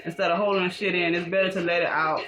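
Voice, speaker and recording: A woman's voice: on the low side, fairly even intonation, fast talker, a crowd in the background, low-quality recording. A young woman casually telling a personal story in a rambling, slangy, profane way, full of fillers. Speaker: vlogger. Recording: music playing behind.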